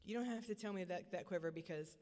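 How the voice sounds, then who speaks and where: A middle-aged woman giving a personal testimony as a parent, earnest and repetitive, often halting and restarting her sentences. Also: fairly low pitch, mellow. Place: church hall. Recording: long church hall reverb.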